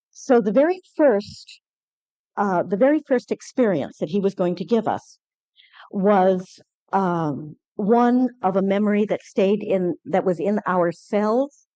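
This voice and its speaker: An earnest woman lecturer recounts a personal experience to a conference audience. She speaks at an average pitch, often halting and restarting her sentences. The sound is dry and close. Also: warm tone, no echo, dull audio.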